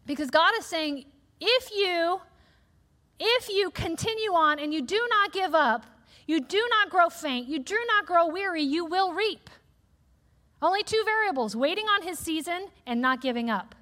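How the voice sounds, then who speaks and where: A woman with a high voice preaches a sermon in a lively, conversational way, acting out quoted voices as she goes. Her voice rings out in a large hall with a long, trailing reverb. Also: normal speed.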